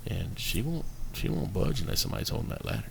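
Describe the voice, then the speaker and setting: A man's voice: medium pitch, big pitch swings, quick pace, creaky, a little hiss or hum. A man casually telling funny job-site stories, laughing often and acting out the people in them. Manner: laughs while telling stories, acts out voices. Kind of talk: casual chat, storytelling.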